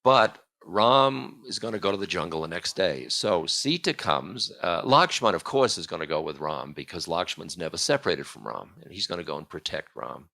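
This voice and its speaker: A man retells an old tale to a live group in a relaxed, rambling way. His voice sits a little low but rings bright, and he breaks off into chuckling asides. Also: normal speed, creaky, few pauses. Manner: casual, meandering, chuckling asides. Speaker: spiritual teacher. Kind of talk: storytelling lecture.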